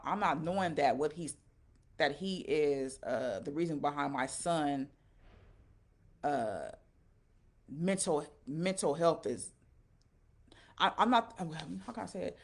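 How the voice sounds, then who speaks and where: A woman recounting a painful personal story in a casual, rambling, emotional way, often repeating herself. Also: deep voice. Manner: emotional, animated retelling. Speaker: live-stream storyteller.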